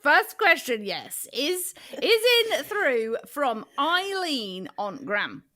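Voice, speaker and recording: Comedy podcast co-host: woman, fairly high voice with a lively, varied pitch, dry teasing delivery. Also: takes it slowly. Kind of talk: casual comedy chat.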